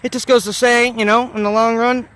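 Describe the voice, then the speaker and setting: A man's voice: extremely high pitch, flat delivery, a little fast, a bit bright, clear, resonant tone. A man telling a motivational story on a vlog, rambling and earnest, with lots of fillers along the way. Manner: earnest, encouraging. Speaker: motivational vlogger.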